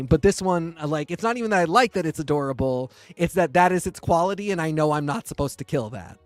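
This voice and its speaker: A man co-hosting a comic book podcast, talking in an earnest, animated way and quick to jump in. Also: a little high, dry recording. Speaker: podcast co-host. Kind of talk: casual comic book chat.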